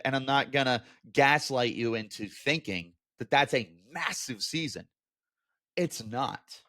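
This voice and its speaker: A man's voice: medium pitch, fairly bright tone. A man hosting a sports commentary show, talking candidly and animatedly through a team's loss, with exasperated asides. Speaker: sports podcast host.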